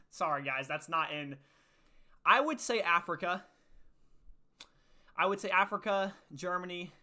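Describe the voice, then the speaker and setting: A man's voice: high-pitched, pushed and bright. A young man hosting a casual faith livestream, upbeat and chatty, reading and answering viewers' chat. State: out of breath after push-ups. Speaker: livestream host.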